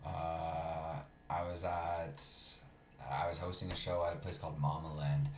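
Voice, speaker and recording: Deep-voiced man telling a casual story. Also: little pitch movement, a little slow. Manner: laid-back, swears often, quotes others in his own voice. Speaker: podcast guest, rapper. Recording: echoey room, faint background noise.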